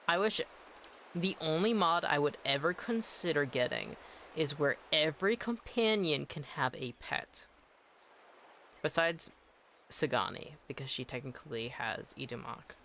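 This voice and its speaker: A game streamer chatting casually during live gameplay, excitable and gushing, often trailing off and restarting. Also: mid-range voice, a little hiss or hum.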